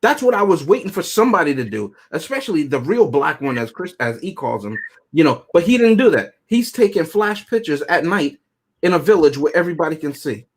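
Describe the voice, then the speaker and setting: Husky, joking male movie reviewer. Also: on the high side, very animated, fairly quick. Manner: joking, chuckles often while talking. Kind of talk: casual podcast review chat.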